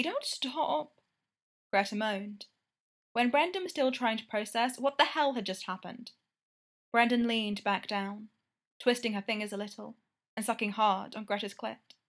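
Woman narrating a romance story. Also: mid-range voice.

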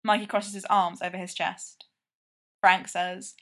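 A woman's voice: on the low side, little pitch movement, unhurried, a bit bright. A woman reading fan fiction aloud in a casual, conversational way. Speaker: reader.

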